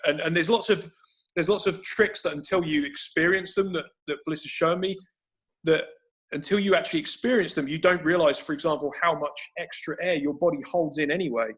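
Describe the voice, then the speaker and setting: A man on a video call, coaching breathing for grappling. His voice sits a bit high for a man. He explains in an instructive way and restarts his sentences often as he thinks aloud. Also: brisk, a bit bright. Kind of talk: explanatory conversation.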